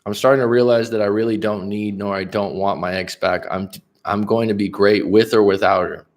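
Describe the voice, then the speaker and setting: A man coaching viewers on a livestream in a blunt, profane, animated way, answering their comments. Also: lowish voice, a little fast. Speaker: relationship coach.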